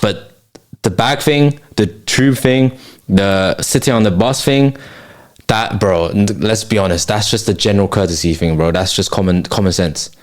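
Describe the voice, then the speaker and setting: A man's voice: fairly low pitch, moderate pace. A young man, hosting a casual late-night chat podcast, ranting with plenty of slang and swearing. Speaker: podcast host.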